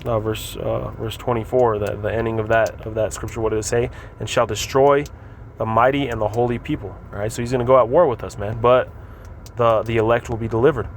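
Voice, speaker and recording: A man's voice: lowish voice, little pitch movement, fast talker, slight background noise. A man teaching scripture in a casual, repetitive way, reading verses aloud and often adding "man" and "all right.". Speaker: religious teacher.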